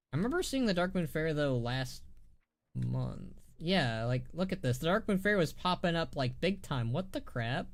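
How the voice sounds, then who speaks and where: A man streaming as a VTuber, chatting casually while playing, animated and opinionated, often stumbling and repeating words. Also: a little high, no room sound, clean studio sound.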